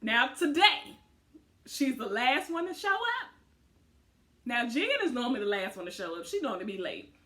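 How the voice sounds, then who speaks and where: A woman co-hosting a casual TV recap, animated and acting out what others said. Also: moderate pace. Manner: animated, acts out quotes in high voices. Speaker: podcast co-host.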